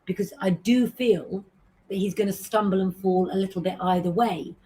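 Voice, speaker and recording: A woman's voice: mid-range voice, steady tone, moderate pace, warm tone. A middle-aged woman hosting a casual live stream, chatting as she reads out viewers' names and messages and giving tarot advice.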